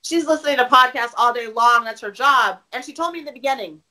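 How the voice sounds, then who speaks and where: A woman guest talks in an open, animated way, her sentences often starting over as she tells her stories. Her voice is bright and sits fairly high. It is a relaxed interview conversation. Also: quick pace, few pauses, rough recording. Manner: open, animated storytelling with many restarts.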